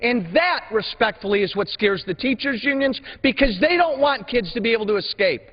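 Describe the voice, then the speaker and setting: A man's voice: very high voice, expressive, brisk. A man giving a combative floor speech as a congressman, firing off rhetorical questions. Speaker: congressman speaking in floor debate. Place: large legislative chamber. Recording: dull broadcast sound with long hall reverb.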